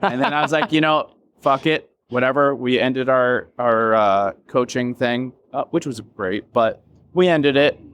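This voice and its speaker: Unhurried and smooth, a man's mid-range voice carries a slightly bright tone. This business founder, a guest in an interview, reflects candidly and with emotion, wandering through fillers, self-quotes and some swearing.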